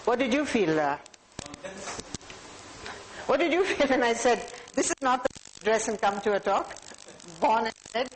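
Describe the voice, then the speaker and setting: A woman's voice: on the high side, sing-song, unhurried, long pauses, rough recording. Indian-accented woman, motivational speaker, engages the audience directly, room tone with faint hiss. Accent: Indian English. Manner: warm, direct, addresses audience members by name. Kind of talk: live talk to a small audience. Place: talk room with live audience.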